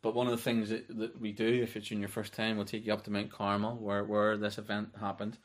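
A man giving a relaxed, unscripted Bible teaching, reading verses aloud as he goes. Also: fairly low pitch, fast. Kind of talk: conversational sermon.

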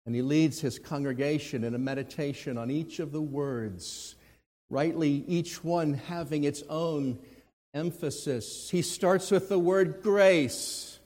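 Pastor guy preaching real slow, a bit high-pitched, big echo from the hall. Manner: swings between forceful emphasis and hushed quiet passages. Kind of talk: sermon. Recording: long hall reverb.

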